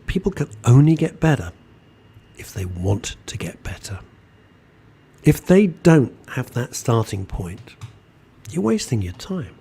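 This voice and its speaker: A man's voice: lowish voice, breathy edge. A man hosting a radio show, chatting casually and reading out listener messages. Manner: chatty, warm, reads messages aloud and reacts.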